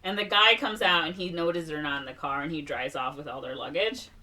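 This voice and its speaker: A woman's voice: sits low, a little fast, sharp tone, distant mic. A young woman co-hosting a podcast, casually recapping a movie plot and acting out the characters' lines with lots of fillers. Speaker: podcast co-host.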